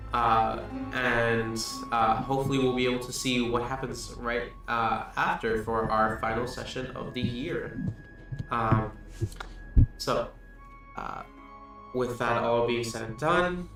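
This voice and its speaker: A man acting as game master, narrating a tabletop game in a relaxed way with many fillers. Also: medium pitch. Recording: echoey room, distant mic, faint music.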